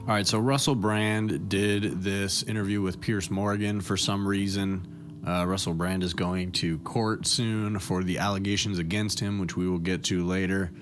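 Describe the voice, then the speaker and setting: A man giving online news commentary in a measured, matter-of-fact way. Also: low-pitched, steady tone, over music.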